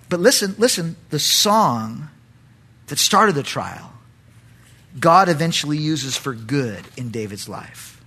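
A man's voice: on the high side, lively intonation, unhurried, bright, forceful tone, breathy edge. A male pastor preaching an expository Bible study, animatedly breaking into dramatic voices for the characters.

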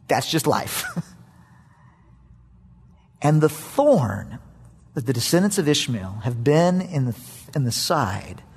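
A man preaches in a church sanctuary, his husky voice leaping between high and low as he acts out prayers and chuckles along the way. The long reverb of the hall trails behind his words. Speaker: pastor. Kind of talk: sermon.

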